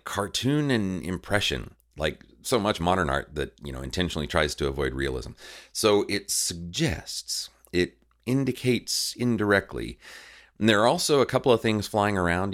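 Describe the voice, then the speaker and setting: Deep-voiced, lively wry male host. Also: moderate pace. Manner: chatty, self-mocking and wry. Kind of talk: casual, ironic podcast hosting.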